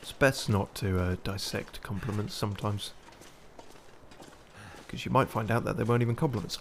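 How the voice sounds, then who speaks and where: A man's voice: lowish voice, normal speed, creaky, pauses often, a little hiss or hum. A man giving wry, self-mocking live commentary while he plays a game, often muttering to himself. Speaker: game streamer.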